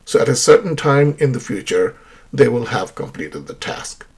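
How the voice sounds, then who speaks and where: A male English teacher talks through a grammar lesson with a husky edge to his voice. His pitch rises and falls a lot as he works through one example sentence after another. He keeps checking in with the learner as he goes. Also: animated, normal speed, a little mellow. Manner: explains with many examples and checks in with "right?".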